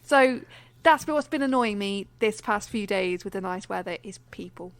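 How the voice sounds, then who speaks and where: A woman's voice: medium pitch, lively intonation, normal speed, dry recording. A young British woman co-hosting a podcast, ranting in exasperation about everyday irritations and then laughing at herself. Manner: exasperated ranting, self-deprecating. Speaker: podcast co-host. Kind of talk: casual chat.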